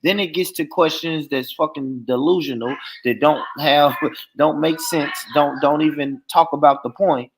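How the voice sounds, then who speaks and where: A man's voice: on the high side, normal speed, noisy background. A man in a casual online discussion, speaking emphatically and repeating his points for stress. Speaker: livestream panel guest. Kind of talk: casual debate chat.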